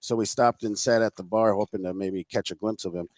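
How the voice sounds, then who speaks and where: Low-voiced chef explaining dishes. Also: male voice, steady tone, brisk, darkish tone, no room sound. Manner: hesitant, filler-heavy, friendly. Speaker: restaurant chef.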